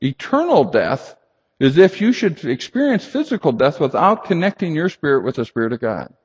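A man preaching a sermon to a congregation, emphatic and animated, rising high for emphasis and dropping low and quiet. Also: moderate pace, slightly rough. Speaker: pastor. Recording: lo-fi recording in a reverberant hall.

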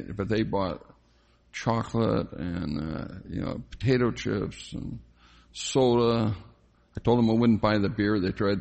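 An older man giving a reflective personal faith testimony, telling his story slowly with frequent pauses and fillers. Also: on the low side, vocal fry, a little mellow. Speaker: testimony speaker.

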